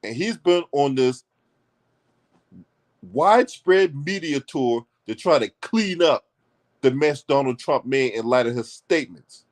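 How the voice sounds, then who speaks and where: A man's voice: mid-range voice, animated, unhurried. A man hosting his own political commentary channel, delivering a blunt, mocking rant full of swearing. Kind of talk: profane heated commentary rant.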